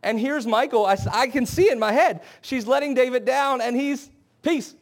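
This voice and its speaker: A man's voice: extremely high pitch, fairly quick. A young man preaching a sermon in an earnest, conversational way, acting out scenes with quoted voices. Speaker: pastor.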